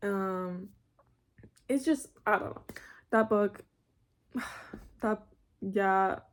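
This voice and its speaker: Speaking extremely slowly in a mid-range voice, this young woman at university rants casually in her bedroom for her vlog. She rambles, breaks off mid-thought, and laughs a lot.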